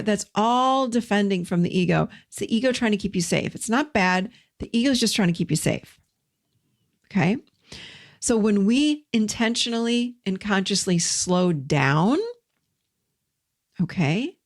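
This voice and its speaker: This is a middle-aged woman teaching self-help in a guided, conversational way. Her voice sits at an ordinary middle pitch. She sounds gentle and encouraging, as if she were talking one-on-one.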